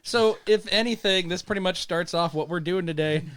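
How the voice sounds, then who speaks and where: A man co-hosting a podcast, introducing a guest in a relaxed manner with casual swearing. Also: sits high, moderate pace, clean tone, no room sound. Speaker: podcast co-host.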